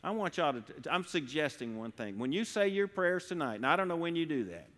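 A man giving an earnest devotional talk at a church service, halting and restarting as he speaks slowly. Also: fairly high pitch, sing-song, a bit bright, in a large hall. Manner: earnest, halting, with frequent restarts and slow pauses. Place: church sanctuary.

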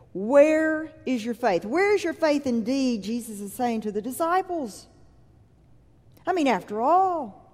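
Unhurried woman preacher in a reverberant hall. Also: a little high, a little mellow. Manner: conversational, vivid retelling of scripture. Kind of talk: sermon with scripture reading. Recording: long reverb from a large hall.

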